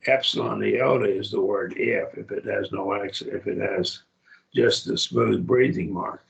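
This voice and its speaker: A man's voice: fairly low pitch, steady tone, measured pace, creaky, lo-fi sound. A man teaching a Greek grammar class, explaining patiently and often checking that students follow.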